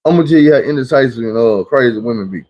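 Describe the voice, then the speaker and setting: A man delivers a blunt, preachy livestream monologue in casual street talk. His mid-pitched voice has a husky, slightly rough edge, and he slips into acted-out quotes of other people. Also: lively intonation, rapid-fire, lo-fi sound. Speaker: livestream host.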